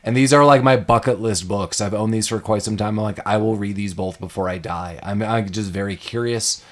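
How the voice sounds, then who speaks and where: A man's voice: on the low side, fairly quick. A young man chatting casually about a film on a podcast, rambling with many fillers and restarts. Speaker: podcast host. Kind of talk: casual movie chat.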